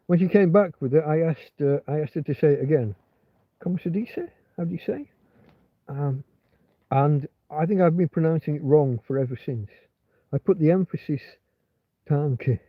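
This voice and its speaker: Male livestream host, meandering chatty delivery, slightly high voice, thin phone-like sound. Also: no echo. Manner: meandering, many restarts and filler words. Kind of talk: rambling casual livestream chat.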